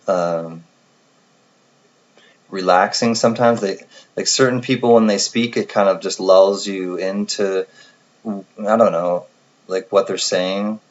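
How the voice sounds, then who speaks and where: A man's voice: low voice, steady tone, slow pace, long pauses. A man hosting a casual livestream chat, rambling and correcting himself as he goes, often laughing. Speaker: livestream host. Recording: dull lo-fi stream audio.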